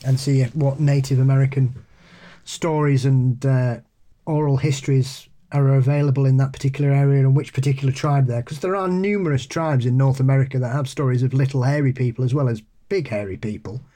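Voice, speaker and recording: Mellow-voiced man, halting and chatty. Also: medium pitch, steady tone. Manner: halting, repeats words, laughs often. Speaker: podcast co-host. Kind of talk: casual chat. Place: pub.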